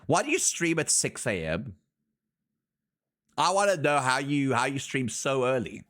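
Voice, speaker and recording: A man's voice: mid-range voice, sing-song, measured pace, fairly bright tone. A man streaming live, chatting loosely with his viewers, drowsy and loopy from allergy medication, goofy and rambling and breaking into sing-song chants.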